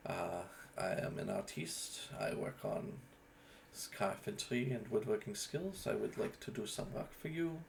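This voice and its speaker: Man doing a vain vampire craftsman for a game: slow, formal speech over a low, rough voice. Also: big pitch swings, a little hiss or hum, full character voice. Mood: courteous. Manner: slow, formal and self-important. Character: refined male vampire artisan.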